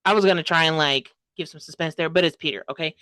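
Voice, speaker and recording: A woman giving a casual book review, gushing and chatty, full of fillers, acting out characters' lines with sudden loud outbursts. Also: low-pitched, fast talker, no echo, clean studio sound. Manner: dramatic quoted voices and sudden loud outbursts.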